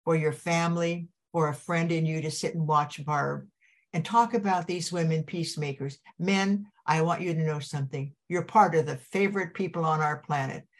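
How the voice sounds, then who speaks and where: A woman's voice: deep voice, moderate pace. An older woman hosting a podcast over a video call, gushing and preachy in an enthusiastic interview chat. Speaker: podcast host.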